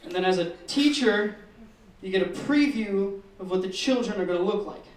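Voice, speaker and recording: A man performing a stand-up comedy set, telling a classroom story in a deadpan way, cursing, and squealing when he acts out the kids. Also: high voice, moderate pace. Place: comedy open mic room. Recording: echoey room, mic heard from a distance.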